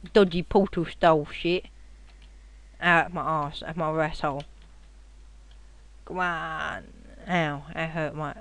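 A young man with a fairly high voice gives casual gameplay commentary from his computer. He is rowdy and swears a lot, often yelling at the game.

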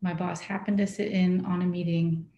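A woman's voice: fairly low pitch, little pitch movement, normal speed, warm tone, muffled recording, a little hiss or hum. A woman presenting a workshop to a live audience, speaking conversationally and checking in with her listeners. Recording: echoey room.

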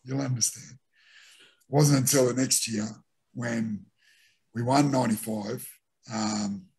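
Australian man, very husky voice. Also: mid-range voice, takes it slowly. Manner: animated anecdotes with re-enacted quotes. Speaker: former rugby league player, guest. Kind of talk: casual storytelling interview.

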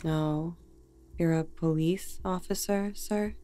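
A woman voicing a weary, guarded young female dancer in a video game, talking in a dry, deadpan way. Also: fairly low pitch, slow, clear, resonant tone. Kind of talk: game voice acting.

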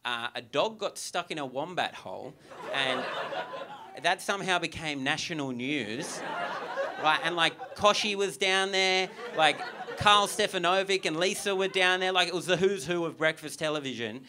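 A man's voice: a little high, normal speed, a crowd in the background. A young Australian man performing stand-up comedy on a theatre stage, telling stories in a chatty way full of "like" and "right?" asides. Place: theatre comedy club with a live audience. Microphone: stage microphone. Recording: live stage recording with audience noise.

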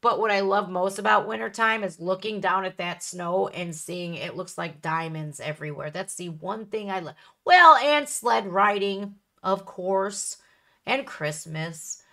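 A woman's voice: mid-range voice, unhurried. A woman hosting a reaction video who talks casually to her viewers, swears freely and acts out little voices. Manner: profane, animated, acts out voices.

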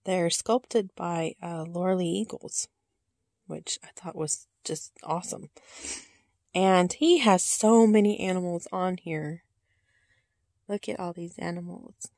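A woman shows off her doll collection in a casual show-and-tell vlog, speaking softly and haltingly, often sinking to a whisper and fighting back tears. Her voice is fairly low and creaky, captured as clean studio sound with no room sound.

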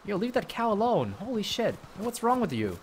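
A man streaming a game live, commenting excitedly, swearing often and talking to his chat. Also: sits high, normal speed, slight background noise. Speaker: livestreamer.

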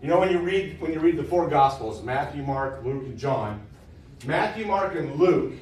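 A man's voice: fairly high pitch, expressive, moderate pace, darkish tone, very echoey, recorded from a distance, slight background noise. A man teaching an informal sermon to a live audience, talking conversationally, repeating key phrases and laughing with the listeners. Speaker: preacher teaching a session.

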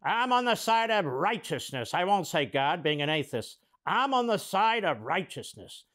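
A man's voice: mid-range voice, fairly even intonation, brisk, fairly bright tone, lightly acted. A man doing a smug, sing-song congressman. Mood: self-righteous. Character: mocking impression of a smug male congressman.

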